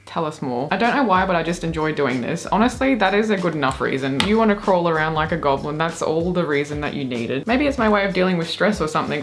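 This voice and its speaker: Playful woman, lowish voice. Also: brisk, hardly any pauses, noisy background. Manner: playful, animated, chatty. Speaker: YouTuber. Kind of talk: casual reading and reacting to posts.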